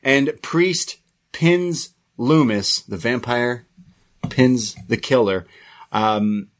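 A man's voice: mid-range voice, extremely slow. A man co-hosting a podcast, giving a rambling, casual play-by-play recap with frequent restarts. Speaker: podcast co-host reviewing wrestling.

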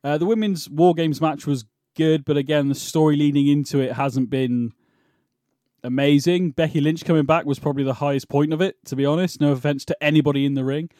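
A British man co-hosting a casual wrestling podcast, dry and deadpan in his delivery and quick to laugh. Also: a little high, no echo. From Britain. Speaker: podcast co-host.

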